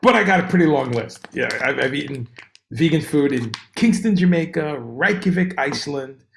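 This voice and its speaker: A man hosting a casual livestream chat, rambling and animated as he greets viewers by name. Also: fairly high pitch, normal speed, vocal fry, a little hiss or hum. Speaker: livestream host. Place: room on tour abroad. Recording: echoey room.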